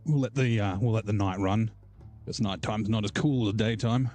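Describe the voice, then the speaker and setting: Low-voiced male streamer, relaxed rambling chat over faint game music. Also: moderate pace. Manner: rambling, easygoing, thinking aloud. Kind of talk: casual live-stream chat while playing. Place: room at home.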